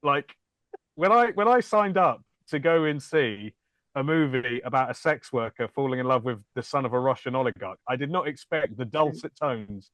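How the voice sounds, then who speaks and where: A man co-hosting a casual film-review podcast, talking with jokey enthusiasm and quick tangents. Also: mid-range voice, animated, a bit bright, dry recording. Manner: enthusiastic, jokey, slips into silly put-on voices. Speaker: film magazine writer and podcast co-host.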